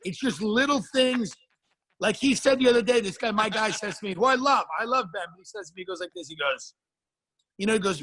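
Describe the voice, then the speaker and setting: A male podcast guest speaking in a sardonic, deadpan way over a video call. His voice is somewhat high with a husky edge, and he swears freely. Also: fast talker, rough recording. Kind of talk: casual chat.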